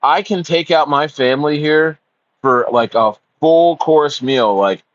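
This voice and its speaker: A man's voice: a little high, a little slow, no room sound, dull audio. A man hosts a casual livestream. He rambles, fills his talk with ums and uhs, swears, and calls his viewers bro. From United States. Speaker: livestream host.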